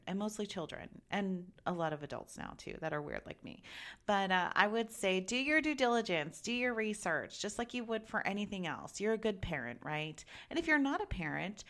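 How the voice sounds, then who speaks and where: A woman in her thirties giving casual, chatty advice as a parent, animated and laughing often as she talks. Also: lowish voice. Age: 30s. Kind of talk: casual chat.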